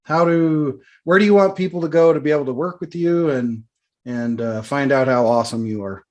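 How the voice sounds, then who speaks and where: A man's voice: a little high, fairly quick, a little mellow. A man hosting a business podcast, casual and loose, laughing often. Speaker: podcast host.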